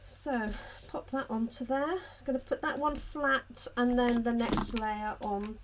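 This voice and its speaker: A woman talks slowly through a live craft demonstration in a fairly high voice. She chats warmly with viewers, calling them by name as she works. A faint hiss sits under her voice. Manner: chatty, talks to viewers by name and answers their comments. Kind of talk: live card-making demonstration.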